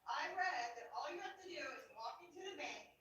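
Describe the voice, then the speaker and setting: A woman doing a stand-up comedy set on stage, telling a story in a lively way. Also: high voice, a little fast. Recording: echoey hall from far off, faint noise.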